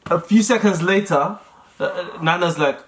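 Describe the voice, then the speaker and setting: An adult, telling a birth story in casual chat as the birth partner, animated, acting out what others said. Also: medium pitch, moderate pace. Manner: animated storyteller, acts out quotes, laughs often.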